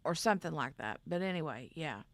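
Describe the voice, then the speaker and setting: A woman hosts a relaxed craft livestream, rambling through her news and answering chat as it comes in. Her voice runs low and unhurried with a gravelly texture. The sound is close and dry, with no room around it. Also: dry recording. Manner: rambling, chatty, reads chat aloud. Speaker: craft channel host.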